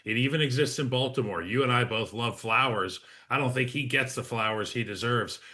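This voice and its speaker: A man's voice: mid-range voice, brisk, pushed and bright. A man giving football analysis on a talk show, opinionated and conversational. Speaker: football analyst, former player.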